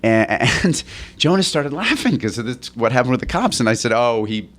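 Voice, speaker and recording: A man's voice: mid-range voice, big pitch swings, normal speed, a bit bright. A middle-aged man, an actor, telling a rambling anecdote with many restarts and laughs, often raising his voice to act out other people's lines. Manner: acts out others' lines in a raised voice. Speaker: interview guest, actor.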